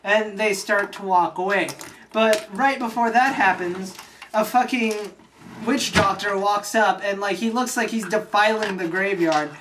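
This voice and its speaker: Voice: mid-range voice, measured pace, recorded from a distance. A young channel host rambles through a sweary, offhand movie recap. The delivery is loose and unpolished. It sounds picked up from a mic across the room, with a faint hiss. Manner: rambling, swearing, laughing often. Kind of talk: casual comedic movie recap.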